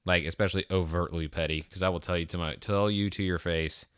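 A low-voiced man talks alone on his podcast, rambling and poking fun at himself. His voice comes through smooth and clear, and the close mic leaves almost no room sound. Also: fairly even intonation, fast talker, a bit bright, dry recording. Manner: rambling, jokey, self-mocking. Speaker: podcast host. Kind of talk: solo podcast monologue.

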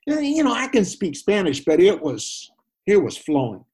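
A man, a former missionary, telling a personal story in a guest interview, animated and full of restarts and quoted voices. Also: high-pitched, normal speed, slightly rough. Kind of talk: conversational storytelling.

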